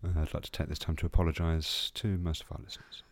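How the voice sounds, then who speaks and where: A man from England co-hosting a casual movie podcast with dry, deadpan humor. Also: low voice, quick pace. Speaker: podcast co-host.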